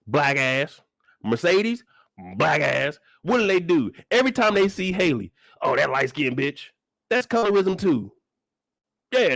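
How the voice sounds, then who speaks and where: Animated high-pitched man ranting. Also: no room sound. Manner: loud, animated, profane ranting with big pitch swings. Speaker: channel host reacting to a TV episode. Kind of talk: casual reaction commentary.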